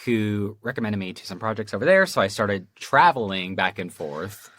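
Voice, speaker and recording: Man, voice actor guest, casual rambling chat, crisp bright voice, dry close mic. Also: lowish voice, animated, normal speed, no room sound. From Seattle. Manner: easygoing, rambling with fillers.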